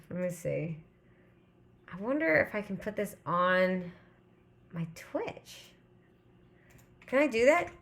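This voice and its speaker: A woman's voice: mid-range voice, fairly bright tone. A woman in her thirties hosting a live stream, chatting casually and reading viewers' comments aloud. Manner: rambling, chatty, reads chat aloud. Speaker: livestream host.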